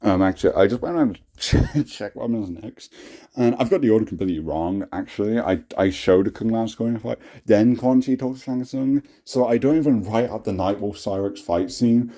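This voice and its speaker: A man's voice: on the low side, brisk, warm tone. A young adult man hosting a casual talk, cringing at his own old writing, swearing often and laughing at himself. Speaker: host.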